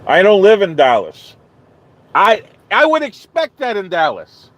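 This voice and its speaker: A man hosting a live stream, telling a long story to his chat in a rambling, animated way and acting out his own quotes. He is not from the American South. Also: sits high, unhurried.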